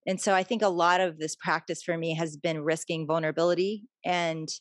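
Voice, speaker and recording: A woman's voice: on the low side, no room sound, studio quality. A middle-aged woman author talking earnestly and openly as a guest in a conversation. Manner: earnest, confessional, animated when telling stories. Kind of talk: conversational interview.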